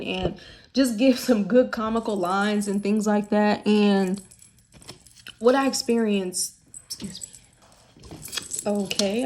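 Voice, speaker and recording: A woman's voice: medium pitch, a little mellow, a little hiss or hum. A woman from the United States talking candidly in a casual vlog, chatty and full of fillers. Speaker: vlogger.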